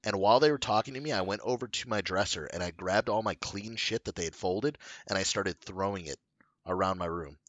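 A man's voice: low voice, brisk, no echo. A man chatting casually on a podcast, telling stories with jokes and swearing. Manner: animated, swears freely, jokey storytelling. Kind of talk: casual chat.

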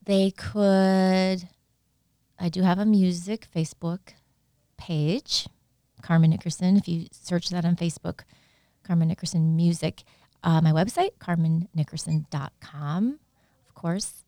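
A lively woman from Iowa chats as a guest on an interview show, animated and quick to laugh. Her voice sits on the low side. The sound is dry and close. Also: no room sound. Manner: chatty and animated, laughs easily, spells words out. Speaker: guest musician. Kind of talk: casual interview chat.

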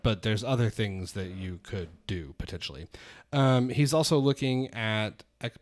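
Male co-host, lowish voice, chatty explainer, filler-heavy, wry. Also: moderate pace. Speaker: podcast co-host. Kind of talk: casual policy chat.

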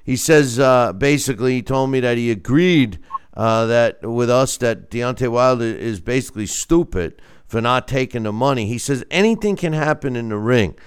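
Man with a very smooth, resonant voice. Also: medium pitch. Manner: animated, halting with fillers, wry. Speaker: host. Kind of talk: casual sports radio chat.

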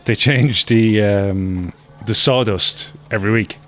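A man's voice: on the low side, slow, a bit bright. A man playing a tabletop game, with dry jokes in casual chat. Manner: dry, joking. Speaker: player.

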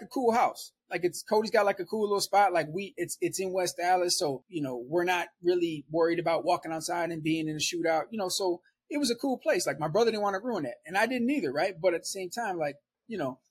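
A young man is the guest in a conversation and tells a long story. His voice sits high for a man and has a husky edge. He talks fast and rambles, dropping "like" and "right?" again and again. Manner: loose rambling delivery with frequent "like" and "right?". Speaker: interview guest.

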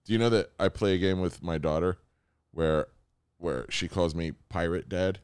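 A man co-hosting a podcast in casual, joking chat, animated and quick to slip into silly voices. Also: deep voice, clear, resonant tone, no echo, studio quality. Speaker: podcast co-host.

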